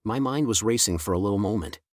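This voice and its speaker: A man narrating a first-person story in an even, measured way. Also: lowish voice, dry recording, clean studio sound.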